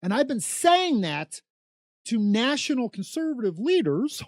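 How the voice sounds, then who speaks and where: A man's voice: very high voice, sing-song, a little slow, dry recording, clean studio sound. A middle-aged man from Chicago giving an emphatic political monologue, full of repetition and rhetorical questions. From South Side of Chicago. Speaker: political commentator.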